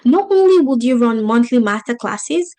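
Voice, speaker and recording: A woman's voice: a little high, lively intonation, normal speed, mellow. A woman with a non-native English accent, teaching a business webinar in an emphatic, motivational style, asking the audience rhetorical questions. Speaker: business coach. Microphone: video call.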